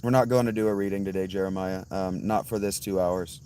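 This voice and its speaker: A hoarse man hosting a casual livestream, answering chat bluntly and calling out viewers by name. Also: sits low, fairly even intonation, fairly quick, warm tone, slight background noise. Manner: blunt, swears, addresses chatters by name. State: hoarse, worn-out voice. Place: outdoors at night with insects.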